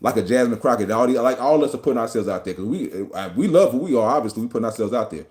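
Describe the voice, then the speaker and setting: Fast-talking combative podcast host, a man. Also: medium pitch, lively intonation, darkish tone. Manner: profane, combative and mocking. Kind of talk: opinion rant on a podcast.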